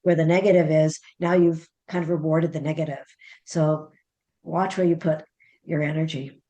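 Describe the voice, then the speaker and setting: A woman's voice: low voice, fairly even intonation, normal speed, mellow, muffled recording. A middle-aged woman, a parenting author guest, telling a story animatedly and acting out the dialogue. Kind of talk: conversational storytelling interview.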